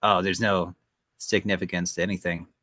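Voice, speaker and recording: Deep, bright, hesitant man reflecting. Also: flat delivery, normal speed, no echo. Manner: hesitant, reflective, many fillers. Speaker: podcast co-host. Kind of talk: casual podcast chat.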